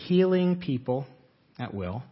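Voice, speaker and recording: A man delivers a sermon in a church sanctuary, earnestly putting questions to his listeners. His voice is husky and mid-pitched. The recording is dull and lo-fi. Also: big pitch swings, measured pace. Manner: earnest, asks the congregation questions. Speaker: pastor.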